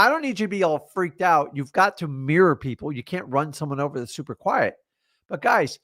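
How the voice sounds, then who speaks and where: A man's voice: fairly high pitch, a bit bright, dry recording, studio quality. A man coaching on a live stream, blunt and fired up, lecturing his viewers on accountability. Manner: imitates excuses in mocking quoted voices. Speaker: real estate wholesaling coach.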